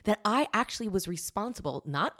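A woman's voice: medium pitch, lively intonation, fairly quick, sharp tone. Reflective woman podcast co-host. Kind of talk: candid podcast chat.

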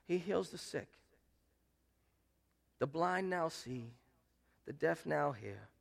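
A man pastor preaching a sermon, swinging between loud emphatic rises and soft hushed lines. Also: fairly high pitch, lively intonation, takes it slowly, vocal fry. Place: church sanctuary.

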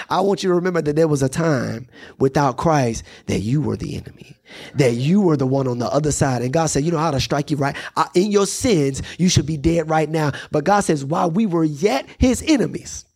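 A man's voice: fairly high pitch, animated, moderate pace, darkish tone, husky. A man preaching a sermon as pastor, building to rising, impassioned cadences. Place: church sanctuary.

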